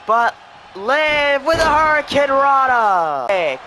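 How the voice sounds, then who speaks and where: A man calling a wrestling video game match play by play, excitable and breaking into shouts at the near-falls. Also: high voice, slow pace, a little hiss or hum. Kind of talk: play-by-play commentary.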